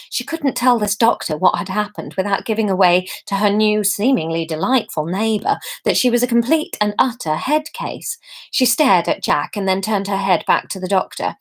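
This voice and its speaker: A woman reading her own story aloud to an audience, with chatty, self-mocking asides. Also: medium pitch.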